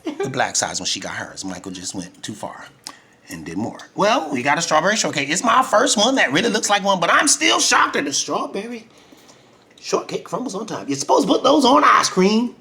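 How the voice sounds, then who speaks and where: A man, hosting a casual comedic home baking vlog and jumping between low mutters and loud high exclamations. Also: wildly swooping pitch, moderate pace. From New York. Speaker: home baker vlogger. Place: home kitchen.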